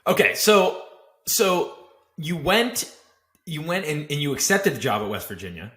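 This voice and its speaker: A man hosting a podcast, asking questions in a casual, halting way and often repeating his words. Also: on the high side, big pitch swings, a bit bright. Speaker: podcast host. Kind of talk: casual interview.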